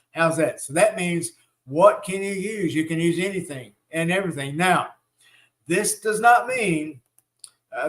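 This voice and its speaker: A middle-aged man with a Southern US accent, hosting a live-stream teaching and talking in a folksy, rambling way with many fillers. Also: fairly high pitch. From Southern United States. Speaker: spiritual teacher and show host.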